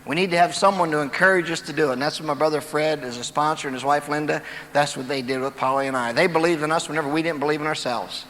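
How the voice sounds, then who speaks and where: Talking fast with hardly any pauses, this man has a fairly high, fairly bright voice and a steady tone. He's a motivational speaker on stage, giving a folksy talk filled with jokes and stories for a large auditorium audience. It was recorded live from a distance in an echoey hall.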